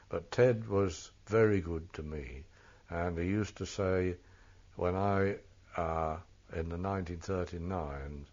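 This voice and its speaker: Older man, very low voice, hesitant reminiscing, muffled lo-fi recording. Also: darkish tone. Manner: hesitant, full of ums and self-corrections. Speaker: oral history interviewee.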